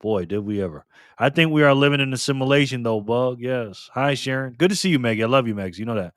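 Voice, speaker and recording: A man's voice: medium pitch, quick pace, no echo, clean studio sound. A man hosting a casual live stream, reading out the chat, greeting viewers by name and laughing often.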